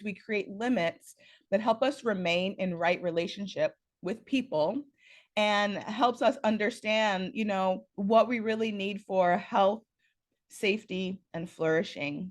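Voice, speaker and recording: Woman presenter on a video call, a bit hoarse from the morning, lively and playful, swings up and down. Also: unhurried. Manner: animated, playful, varies pitch and loudness a lot. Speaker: workshop facilitator, guest speaker. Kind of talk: informal presentation.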